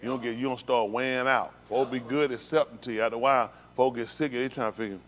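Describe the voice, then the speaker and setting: A man's voice: mid-range voice, fairly even intonation, fast talker. A man giving an emphatic personal testimony to a congregation during a synagogue livestream, repeating himself and talking plainly in street slang. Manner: emphatic, repetitive, street-talk storytelling.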